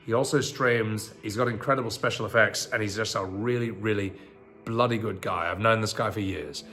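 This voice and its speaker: A man's voice: lowish voice, a little fast, sharp tone, faint music behind. A man reading fairy tales aloud on a live stream outdoors in a backyard at night, breaking off into profane, laughing asides. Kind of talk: casual storytelling on a live stream.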